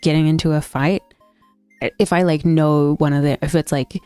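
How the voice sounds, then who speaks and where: Young woman streamer, low mellow voice, blunt, sweary casual chat. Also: steady tone, normal speed, clean tone, no room sound, faint music behind. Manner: blunt, swears freely, laughs between stories.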